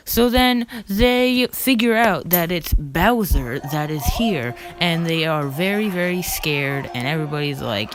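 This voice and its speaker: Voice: mid-range voice, animated, a little slow, few pauses, rough recording. A narrator in a casual voice-over game retrospective, recapping in a rambling, offhand way with frequent restarts and stumbles. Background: background music.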